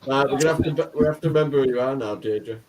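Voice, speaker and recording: A man's voice: mid-range voice, fast talker, a crowd in the background. A man who teases the others and laughs a lot in casual chat.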